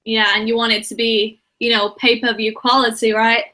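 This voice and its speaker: A woman's voice: a little high, flat delivery, moderate pace, pushed and bright, low-quality recording. A woman who is a guest on a podcast, chatting casually and easily over a video call.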